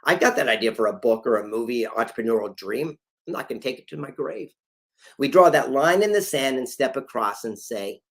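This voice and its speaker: Male motivational speaker, gravelly mid-range voice, emphatic storyteller, video call. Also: medium pitch, lively intonation, normal speed, a bit bright. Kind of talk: motivational talk.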